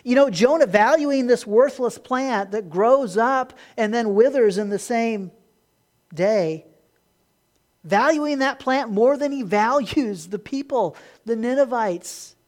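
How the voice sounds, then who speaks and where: A pastor preaching a Sunday sermon, rising to emphatic points and dropping quiet, often repeating words as he restarts. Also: very high voice, lively intonation, slow pace.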